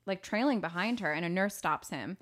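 A woman co-hosting a podcast, recapping a thriller in casual chat with laughs and acted-out lines. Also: lowish voice. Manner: animated storytelling with quick laughs. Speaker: podcast co-host.

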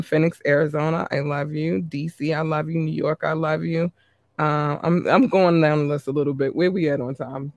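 A man hosting his podcast, reading out listener shout-outs in a chatty, upbeat way. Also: on the high side, no echo. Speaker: podcast host.

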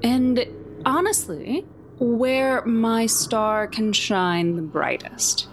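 Woman player, in character, theatrical and coy, unhurried delivery, higher voice. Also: slight background noise. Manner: theatrical, smooth, flirtatious. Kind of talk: in-character role-play.

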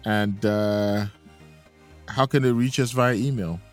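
A man's voice: lowish voice, fairly even intonation, slow, faint music behind. A man co-hosting a movie review podcast in casual chat, chatty, laughing often and restarting his sentences. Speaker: podcast co-host.

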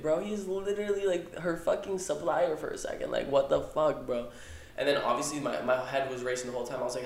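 A young man co-hosting a podcast, chatting casually and excitedly, swearing and saying "bro" constantly. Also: on the high side, a little fast. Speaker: podcast co-host. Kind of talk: casual chat. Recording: echoey room.

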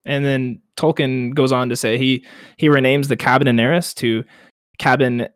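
A man's voice: medium pitch, moderate pace, no echo, clean studio sound. A young man co-hosting a book podcast, retelling the chapter with acted-out quotes and frequent laughs. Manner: animated retelling, acts out quotes, laughs often. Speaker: podcast co-host. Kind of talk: casual book discussion.

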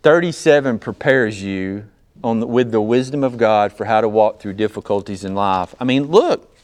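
A man preaching a sermon in a smooth, resonant voice. He teaches in a plain way and slows down to stress each line of scripture he reads aloud. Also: lowish voice, a little mellow. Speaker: pastor.

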